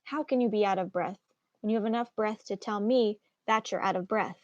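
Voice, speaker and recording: A woman's voice: mid-range voice, a little fast, a little mellow, dry recording, lo-fi sound, natural voice. A woman reading aloud as an impatient, eager teenage girl who pleads and presses with question after question. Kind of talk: read-aloud of a play.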